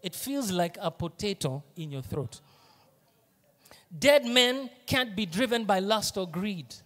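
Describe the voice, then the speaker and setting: A man with a Kenyan accent preaching a sermon as pastor, animated, moving from hushed asides to loud emphasis. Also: high voice, slow, in a large hall. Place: church auditorium.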